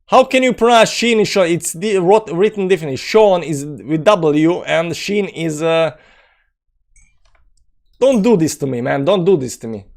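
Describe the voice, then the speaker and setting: A man's voice: fairly high pitch, expressive, measured pace, creaky. A man with a Balkan accent hosting a live crypto stream, rambling with many fillers as he reads and answers viewer comments. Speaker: crypto channel host. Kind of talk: live-stream chat reading.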